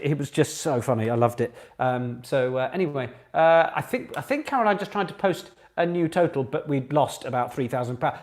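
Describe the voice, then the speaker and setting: A man hosting a live online pub quiz for charity, chatty and animated, breaking into sung quote answers now and then. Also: medium pitch, normal speed, hardly any pauses.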